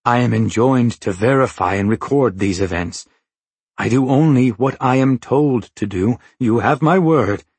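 A man voicing a timid bearded male metaphor creature who speaks in a husky, formal, old-fashioned way and begs. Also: medium pitch, measured pace, a little mellow, no room sound. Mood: pleading. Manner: archaic, pleading formal speech.

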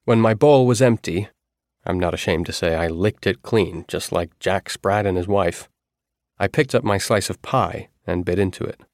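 A man narrating a first-person audiobook in a steady, measured way. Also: sits low, no room sound, studio quality.

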